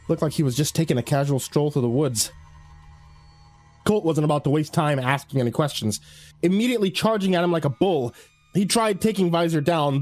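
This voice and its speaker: A man narrating a first-person horror story in a measured, grim way. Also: medium pitch, darkish tone.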